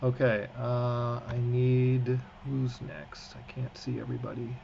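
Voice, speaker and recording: A man's voice: medium pitch, flat delivery, a little slow, creaky, a little mellow. A man teaching prayer-book Hebrew in an online class, encouraging his students and often restarting his sentences. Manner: encouraging, frequent fillers and restarts. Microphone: video call. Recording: muffled video-call audio with faint hiss.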